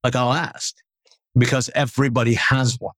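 A male stand-up comedian tells stories in a lively, conversational way, laughing now and then and slipping into the voices of the people he quotes. His voice sits at a middling pitch. The sound is close and dry, with no room around it. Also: normal speed, no echo. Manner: animated, laughing, acts out quotes. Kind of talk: casual storytelling in conversation.

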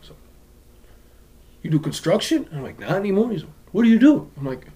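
A young man from Southern California, co-hosting a podcast and telling stories in casual chat, animated and profane. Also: high voice, a little fast, slightly rough. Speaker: podcast co-host.

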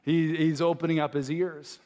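A man's voice: a little high, flat delivery, moderate pace, a little mellow, big-room sound. A man in his forties preaching a sermon, earnest and reflective, with many fillers and restarts. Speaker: pastor.

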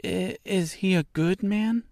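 A man's voice: high voice, big pitch swings, slow pace, dry recording, studio quality, voice pushed up, heavily acted. A man doing a timid little girl. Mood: anxious. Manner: timid, pleading questions. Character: young girl, anxious and lost.

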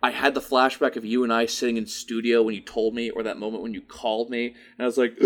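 A man's voice: medium pitch, fast talker. A young man co-hosting a casual podcast, telling stories with lots of swearing and acted-out quotes. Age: young adult. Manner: animated storyteller, swears freely, acts out quotes. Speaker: podcast co-host.

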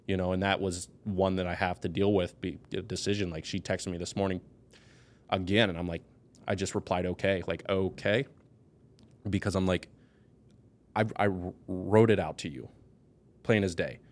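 A man with a fairly low voice speaks candidly as a podcast guest. He is blunt and emotional, and his voice rises and pushes hard on key words. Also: fairly even intonation, normal speed. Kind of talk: candid personal conversation.

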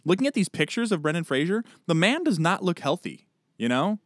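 A man co-hosting a podcast in casual chat, animated and joking, with quick asides. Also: high voice, no echo, clean studio sound. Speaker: podcast co-host.

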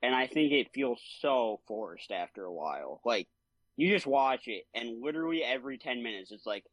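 A young man co-hosting a casual movie podcast, talking at an everyday middle pitch. He gets animated, laughs a lot and acts out quotes, and his voice sits close and dry on the mic. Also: normal speed, no echo, poor audio. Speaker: podcast co-host.

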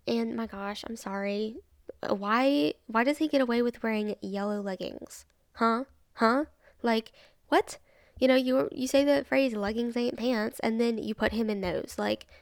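A young woman hosts a chatty podcast, rambling through her opinions with lots of fillers and laughs. Her voice sits a little high and has a gravelly fry. The sound is dry and close to the mic. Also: no room sound. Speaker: podcast host. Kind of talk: casual opinion chat.

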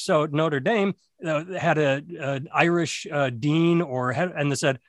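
A man's voice: fairly high pitch, moderate pace, no room sound, clean studio sound. A man co-hosting a podcast, rambling and swearing through casual banter. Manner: rambling, profane, laughs often. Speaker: podcast co-host.

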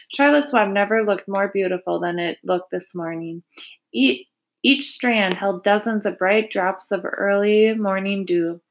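A woman's voice: medium pitch, measured pace. Woman reading a children's book. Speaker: reader. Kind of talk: reading a children's novel aloud.

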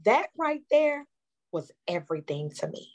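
A woman's voice: medium pitch, big pitch swings, moderate pace, darkish tone. Preacher-like woman host, testifying. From Chicago area. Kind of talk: heartfelt conversation.

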